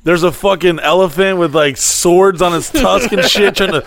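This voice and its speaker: A man co-hosting a casual podcast from home into a headphone mic, telling crude stories in a rambling, profane, animated way. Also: high voice, moderate pace. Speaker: podcast co-host.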